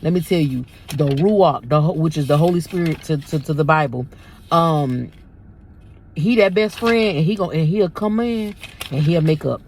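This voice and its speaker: Woman, 30s, low-ish voice, animated faith talk straight to camera viewers. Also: normal speed, slight background noise. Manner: animated, repeats herself, addresses viewers as y'all. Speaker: faith video host. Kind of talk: casual spiritual talk to viewers.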